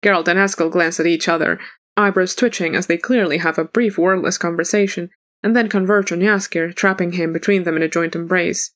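Woman with a low voice reading a story. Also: steady tone, brisk. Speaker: narrator. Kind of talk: reading a fan story aloud.

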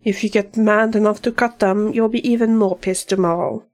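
A woman voicing a gentle, earnest young male monster hunter who speaks softly and hesitantly. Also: medium pitch, steady tone, moderate pace, pitched above the performer's own voice, natural voice. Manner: soft, hesitant and sincere.

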